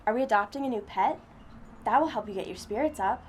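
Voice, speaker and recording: A woman's voice: fairly high pitch, fast, a little hiss or hum, close to an everyday voice. A woman voicing an aging, ailing male pet cat who speaks in an eager, pleading way, in a reading of a story.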